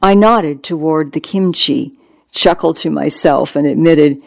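Calm doctor reading their own story, gentle and reassuring, dry close mic. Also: mid-range voice, unhurried, vocal fry, no echo. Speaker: hospice doctor narrating a memoir. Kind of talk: audiobook narration.

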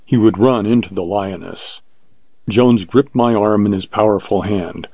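A man reading an adventure story aloud in a measured, vivid way, on a dull lo-fi recording. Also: on the low side, mellow, breathy edge, no room sound. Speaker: narrator. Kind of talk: scripted narration of an adventure story.

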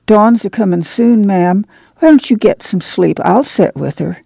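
A man's voice: high-pitched, animated, unhurried, gravelly, mellow, breathy edge, dry recording, heavily acted. A man voicing a stout, kindly rural woman with a homely, coaxing manner in an audiobook reading.

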